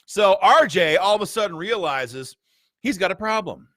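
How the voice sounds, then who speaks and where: Mocking, combative man with lively pitch. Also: normal speed, dry recording. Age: adult with a school-age child. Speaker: gun rights group host. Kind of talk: political commentary reading emails aloud.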